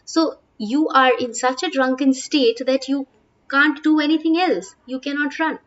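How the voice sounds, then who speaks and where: A woman's voice: high voice, steady tone, unhurried, a bit bright, lo-fi sound. A woman with an Indian English accent, reading play lines aloud and explaining each one in plain words as a teacher. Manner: reads lines aloud, then paraphrases in plain English with frequent "uh" and "okay".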